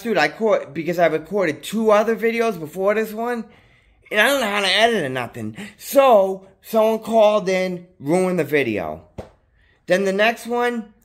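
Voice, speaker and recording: In this vlog, a man tells a personal story in a loose, wandering way, swearing a lot and leaning on fillers such as "dude" and "you know what I mean." His voice sits high. Excitable by nature, he lets his pitch leap when he gets fired up.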